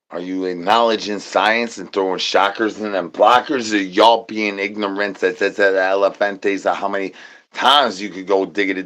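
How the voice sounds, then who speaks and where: A man hosting a livestream, talking to his chat in goofy rhyming nonsense with singsong repeats, swinging between low mumbles and loud shouts. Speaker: livestream host. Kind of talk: rambling comedic stream chatter.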